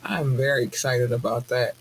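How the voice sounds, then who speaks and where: A woman hosting a podcast in casual chat, bubbly and effusive, squealing with excitement. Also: a bass voice, moderate pace, slight background noise. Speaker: podcast host.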